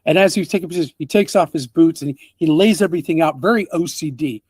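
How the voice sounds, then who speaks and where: A man narrating as game master of a tabletop game, animated and laughing, with casual fillers. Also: on the high side, quick pace, slightly rough, no echo.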